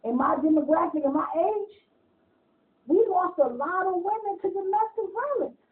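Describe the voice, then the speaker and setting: A woman telling casual stories in an interview, animated, laughing often, swearing freely and acting out other people's lines in quick bursts. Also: extremely high pitch. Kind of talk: casual storytelling. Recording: tinny phone-like audio.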